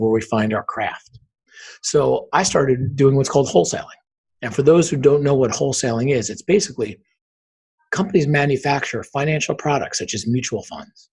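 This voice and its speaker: A man in his fifties speaks with a husky, slightly breathy tone. He tells his story earnestly in a middle-pitched voice, slipping into the voices of the people he quotes. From northern New Jersey. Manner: earnest storyteller who acts out quoted dialogue. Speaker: guest. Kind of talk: storytelling interview talk.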